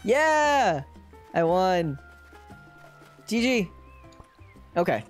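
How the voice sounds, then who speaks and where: An excitable streamer giving casual gameplay commentary and joking at the screen. The pitch swings widely. Faint game music sits in the background. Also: normal speed, long pauses.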